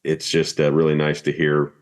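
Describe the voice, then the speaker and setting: A man's voice: a bass voice, completely flat delivery, normal speed. A man hosting a casual interview podcast, who often restarts his questions as he asks them.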